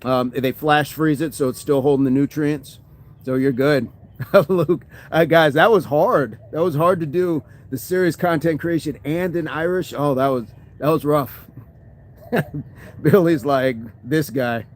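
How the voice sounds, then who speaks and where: A man's voice: a little high, a little slow. Upbeat man answering chat. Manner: reads and answers viewer comments, repeats "absolutely", "indeed". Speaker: fitness livestream host. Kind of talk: casual livestream chat.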